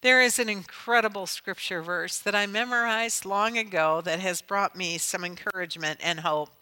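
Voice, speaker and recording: Middle-aged woman conference speaker, bright voice, earnest storytelling with emphatic peaks. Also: medium pitch, normal speed, poor audio. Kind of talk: inspirational talk.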